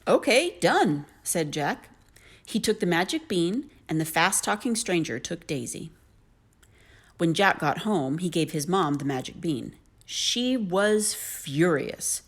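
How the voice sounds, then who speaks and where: A woman narrating a children's story aloud in an animated, lilting way. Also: fairly low pitch, takes it slowly.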